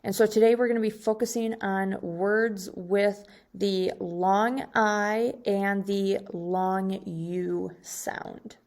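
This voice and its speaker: A woman teaching second graders through a recorded slide lesson. She speaks very slowly and deliberately, pausing between short phrases. She draws out each example word, and her voice sits at a medium pitch. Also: flat delivery, darkish tone. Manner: slow, deliberate, drawing out example words.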